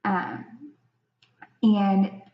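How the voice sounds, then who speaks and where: A woman talks slowly and haltingly through a parenting lesson, full of ums and restarts. Her voice sits in a middle range, and the recording is somewhat dull and echoes around the room. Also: mid-range voice, level tone. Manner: hesitant, many fillers and restarts, acts out parent quotes. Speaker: presenter explaining a parenting concept. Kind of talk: informal explanatory talk.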